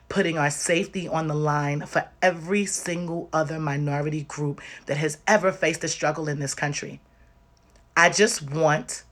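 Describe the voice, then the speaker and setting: Woman, somewhat low voice, tearful and worn out, emphatic and direct, livestream talk. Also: fairly bright tone. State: tearful and exhausted. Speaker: livestream host.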